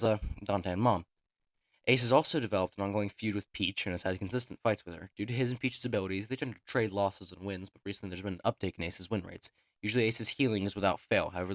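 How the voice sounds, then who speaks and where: Fast, halting low-voiced man reading. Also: a bit bright, no echo, studio quality. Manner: halting, filler-heavy, self-deprecating. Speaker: fiction writer reading his character bios. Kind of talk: casual reading aloud. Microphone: clipping, overdriven mic.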